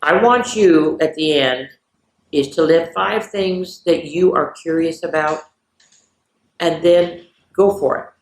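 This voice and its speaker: A woman hosting a children's story time, reading picture books and jokes aloud in an animated, sing-song storyteller voice. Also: low-pitched, slow. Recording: roomy echo.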